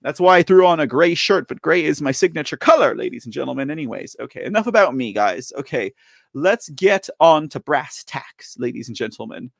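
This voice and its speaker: A man hosts a political commentary show in casual live style, playful and rambling, often correcting himself and repeatedly saying "ladies and gentlemen." His voice is fairly high, expressive, brisk and gravelly, in a dry, studio-quality recording.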